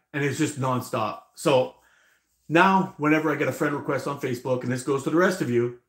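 A man's voice: mid-range voice, echoey room. A man hosting a casual live stream, rambling, laughing often and swearing freely.

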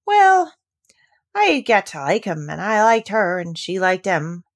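A woman voicing a grumpy old gardener with a gruff, grumbling manner. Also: on the low side, expressive, normal speed.

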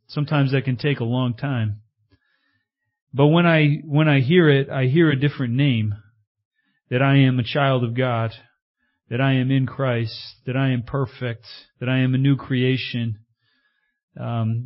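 A male pastor preaching in a casual, conversational way, often tagging his points with a question and pausing on fillers. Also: medium pitch, lo-fi sound. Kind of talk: sermon.

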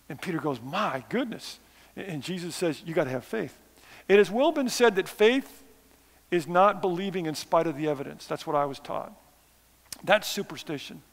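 A man's voice: sits high, big-room sound. A man preaching a missions sermon, conversational and self-deprecating, with sarcastic asides. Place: church sanctuary.

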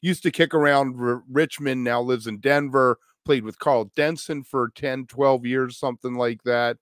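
A man's voice: medium pitch, fairly even intonation, normal speed, no room sound, studio quality. A man with a Baltimore accent, co-hosting a casual podcast chat and recalling details in a laid-back, rambling way. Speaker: podcast co-host.

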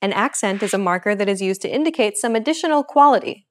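A woman's voice: mid-range voice, expressive, quick pace, a little hiss or hum. Upbeat woman hosting a language lesson. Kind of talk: scripted lesson narration.

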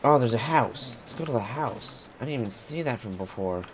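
A man talks through a horror game live, jumping at every scare and swearing freely as he wonders aloud what is going on. His voice sits at an ordinary middle pitch. Clear noise runs under everything he says. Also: expressive, a little fast. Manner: jumpy, swears a lot, thinks out loud. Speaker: gaming channel host.

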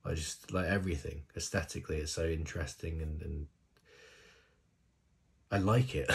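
A man hosting a music video reaction, talking in a rambling, effusive way with sudden excited exclamations. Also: low-pitched, normal speed, long pauses, slightly rough. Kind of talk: casual reaction commentary.

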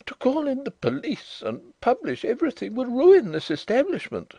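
A man's voice: wildly swooping pitch, normal speed, warm tone, no echo, exaggerated voice. A man reading the part of a fussy, anxious male bank manager who stammers when upset. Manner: agitated, stammering, high-strung.

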